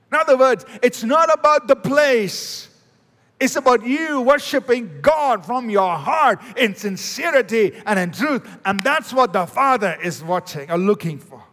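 A male pastor preaching a sermon on prayer, swinging between loud declarations and hushed prayerful tones, and acting out sample prayers in his own voice. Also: very high-pitched, lively intonation, measured pace, big-room sound.

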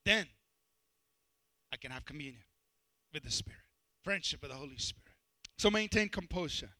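Male pastor, high bright voice, dry close sound, lively storytelling sermon. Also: moderate pace, no echo, low-quality recording. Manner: animated, storytelling with self-deprecating humor.

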